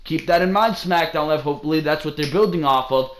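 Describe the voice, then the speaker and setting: A man's voice: a little high, fast, a bit bright. A young man hosting a solo wrestling review show, talking in a blunt, profane, ranting way. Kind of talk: casual solo review commentary.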